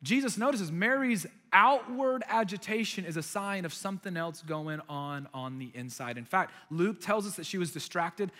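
A young American man preaching a sermon, telling stories with animated delivery and acting out voices. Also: high voice. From United States. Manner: animated storytelling, acts out voices. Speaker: pastor.

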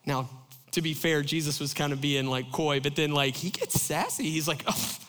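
A man preaching a sermon, telling stories in an animated, chatty way full of fillers. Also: fairly high pitch, normal speed. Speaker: pastor. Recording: long hall reverb.

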